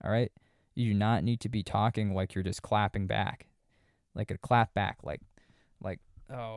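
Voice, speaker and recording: A man's voice: on the low side, steady tone, moderate pace, gravelly, long pauses, a little mellow. A man hosting a podcast, casually reviewing a horror movie in a wry, sarcastic, rambling way. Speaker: podcast host.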